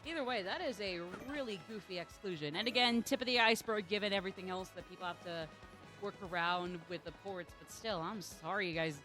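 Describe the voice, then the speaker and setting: A woman's voice: medium pitch, brisk, pushed and bright, faint music behind. A woman streamer chatting casually while playing a game, chatty and self-deprecating. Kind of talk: casual gaming stream chat.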